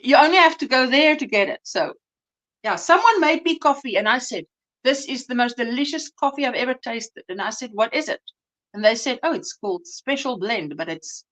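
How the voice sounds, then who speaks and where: A woman's voice: on the high side, a bit bright. A South African woman hosting a casual livestream chat, chatty and laughing often as she reads viewer comments aloud. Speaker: livestream host.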